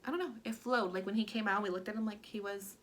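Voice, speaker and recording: Young woman vlogger, bright and open, chatty Q&A delivery with plenty of fillers. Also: mid-range voice, steady tone, fast. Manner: chatty and candid, many "like" fillers, gets emotional. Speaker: stay-at-home mom vlogger. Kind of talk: casual Q&A vlog chat.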